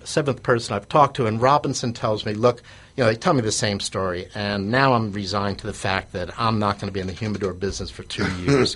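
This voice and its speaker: A man's voice: on the low side, a bit bright. Man telling a rambling business story. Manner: rambling, many restarts and fillers, chuckles at himself. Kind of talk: anecdotal interview storytelling.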